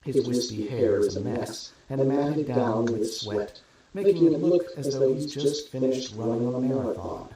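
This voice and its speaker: A man's voice: medium pitch, expressive, a little slow, warm tone. Man narrating in an echoey room. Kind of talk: first-person audiobook narration. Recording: very echoey room with crowd noise.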